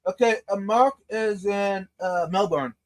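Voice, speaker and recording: A man hosting a live stream, chatting casually, stumbling over words and laughing a lot. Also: high-pitched. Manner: lively, halting, laughs a lot.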